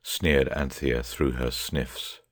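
A man narrating an audiobook chapter in a measured, even way. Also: rumbling low.

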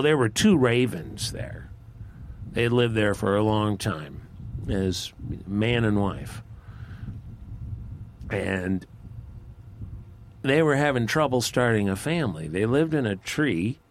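Slow, folksy male storyteller. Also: lowish voice, slight background noise. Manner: relaxed, folksy, unhurried. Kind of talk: folk tale narration.

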